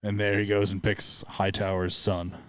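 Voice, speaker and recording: A man with a fairly low voice chats easily as a podcast co-host, agreeing and laughing along. His voice is dry and close to the mic. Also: monotone, a bit bright, clean tone, no room sound. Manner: easygoing, agreeable, quick to laugh. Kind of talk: casual chat.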